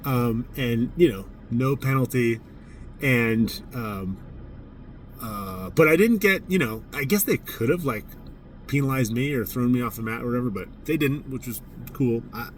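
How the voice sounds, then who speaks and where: A man's voice: mid-range voice, measured pace, recorded from a distance, a little hiss or hum. A man, a judo coach, casually telling a story from a tournament in a candid, self-mocking way. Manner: candid, self-mocking, animated when recounting his outbursts.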